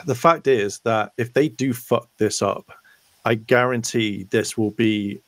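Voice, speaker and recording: Animated, cursing podcast guy. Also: medium pitch, a little slow, dry recording. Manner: animated, swears freely, acts out imagined dialogue. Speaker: podcast co-host. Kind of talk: casual chat.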